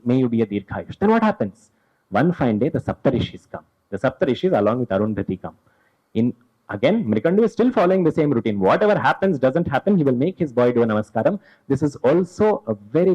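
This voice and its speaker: A man's voice: medium pitch, husky. A man telling mythological stories live to an audience, asking questions and answering them himself. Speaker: storyteller. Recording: dull lo-fi event recording.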